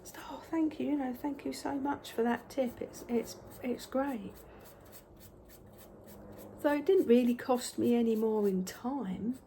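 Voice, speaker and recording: A woman's voice: a little high, a little slow, mellow, slight background noise. A woman telling chatty craft-market stories while she paints, sometimes dropping to a whisper. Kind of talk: casual storytelling while painting.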